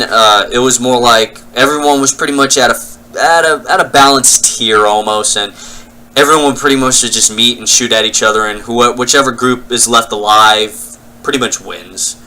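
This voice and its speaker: A man's voice: mid-range voice, bright, forceful tone, poor audio. A young man giving casual let's-play commentary, explaining as he plays and often correcting himself mid-sentence. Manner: rambling, self-correcting, explanatory. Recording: faint game noise behind.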